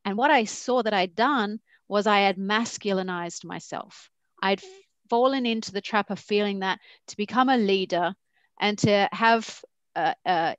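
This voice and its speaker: A woman's voice: mid-range voice, no echo. A woman who founded a company speaks as a panelist, sharing candid, reflective stories and acting out the dialogue she quotes. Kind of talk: conversational panel talk with personal stories.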